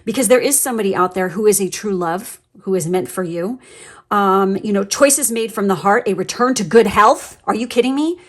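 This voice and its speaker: Casting a woman tarot reader: casual, profane, rambling, full of fillers, with a middle-range voice. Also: medium pitch. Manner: blunt, swears a lot, rambling with many fillers. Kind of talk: casual pick-a-card tarot reading.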